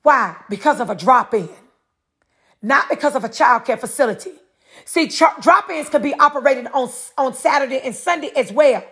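A woman's voice: high-pitched, normal speed, bright, forceful tone. A middle-aged woman hosting her own podcast, talking in a preachy monologue and answering her own rhetorical questions again and again. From North Carolina, USA. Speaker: podcast host.

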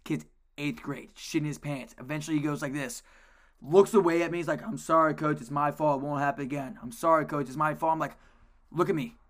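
A man co-hosting a casual podcast, telling coaching stories in an animated way and swearing a lot. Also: a little high, a little fast. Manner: animated storytelling, heavy swearing. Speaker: co-host, youth lacrosse coach.

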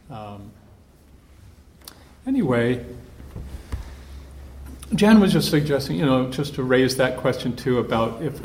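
A priest speaks to a gathered group in a room that rings with echo, a faint hum under him. His manner is loose and anecdotal, as if thinking aloud, his pitch sitting at an ordinary middle. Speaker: priest giving a conference talk. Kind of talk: conversational retreat talk to a group.

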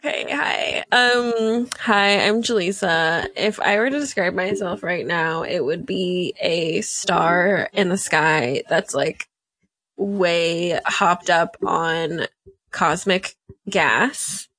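A woman's voice: lowish voice, slow, fairly bright tone. A woman co-hosting a podcast in casual chat, playful and whimsical. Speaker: podcast co-host.

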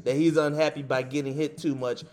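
A man's voice: fairly high pitch, little pitch movement, fairly quick. A man in a casual sports debate who relays reports in loose slang and talks over the other man.

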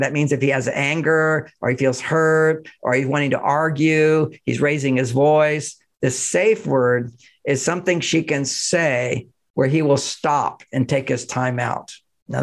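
Man, interview guest, relationship advice, gravelly, emphatic, chuckling. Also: fairly high pitch. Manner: emphatic, explanatory, chuckles often; married, talks of his own marriage. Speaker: relationship author, podcast guest.

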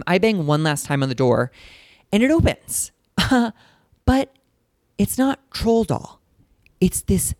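A man hosting a podcast, telling a story in a casual, chatty way, full of "like" and sudden jumps in pitch. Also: no echo, clean studio sound. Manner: chatty, filler-heavy, animated pitch jumps. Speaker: podcast host.

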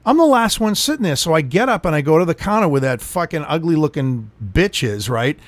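Middle-aged man, crude storyteller, somewhat high voice, bouncy delivery. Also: fairly quick, no echo. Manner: animated, swears freely, acts out quotes. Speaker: storyteller on a chat show. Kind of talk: profane casual storytelling.

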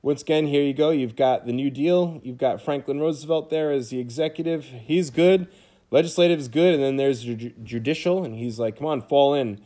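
A man's voice: mid-range voice, moderate pace, dark tone. A middle-aged man teaching a history lesson from home in a casual lecture style, often checking in with "okay?" and "right?". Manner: conversational, frequent "okay?" and "right?" check-ins. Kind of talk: recorded classroom lecture over slides. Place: home room, cats nearby.

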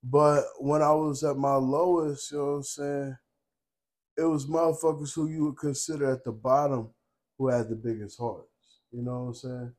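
Profane, streetwise young man, mid-pitched. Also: moderate pace. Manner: profane, streetwise storytelling with constant "you know what I'm saying"; gets loud and laughs when animated. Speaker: podcast co-host. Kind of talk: casual chat.

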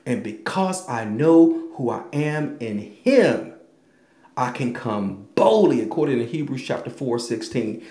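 A man preaching a sermon with emphatic delivery, quoting scripture and swinging between raised and hushed lines. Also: mid-range voice, lively intonation, measured pace, roomy sound.

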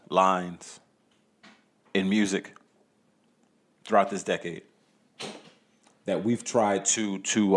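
A man hosting a solo podcast, talking casually and profanely, rambling and stammering through restarts, with rhetorical questions to the listener. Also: low-pitched. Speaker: podcast host.

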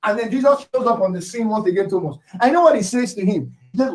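Emphatic preacher, high voice, echoey hall. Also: male voice, animated, quick pace, hardly any pauses. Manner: emphatic, repeats key phrases, sometimes shouts. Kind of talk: sermon. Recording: echoey room, distant mic.

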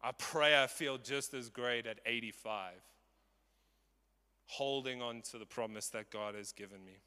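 A man's voice: medium pitch, measured pace, pushed and bright, clean tone, in a large hall. A man in his twenties preaching a sermon with passion and emphasis. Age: 20s.

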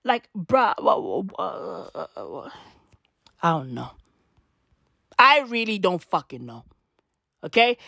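A woman's voice: medium pitch, very animated, unhurried, gravelly, long pauses, bright, forceful tone, slightly rough, dry recording, clean studio sound. A South African woman in her twenties delivering a profane, exasperated rant to camera, swearing and repeating her questions. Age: 20s. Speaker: vlogger. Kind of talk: profane ranting monologue.

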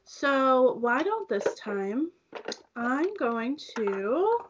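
A young female co-host speaks in a high voice with big pitch swings and drawn-out words during a laid-back makeup chat. Her talk is chatty and full of "like," and the dull lo-fi audio has a slight hiss or hum.

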